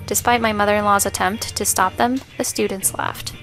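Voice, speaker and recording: A woman giving a scripted first-person story narration in an even, measured way. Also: mid-range voice. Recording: faint music underneath.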